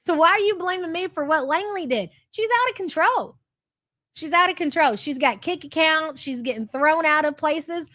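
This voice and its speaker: A woman in her thirties with a light country twang hosts a livestream. She reads out viewer chats in a high, brash, sarcastic and profane way. Her voice sounds dry and close, with no room around it. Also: normal speed, hardly any pauses, sharp tone, dry recording. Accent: light American country twang. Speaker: livestream host.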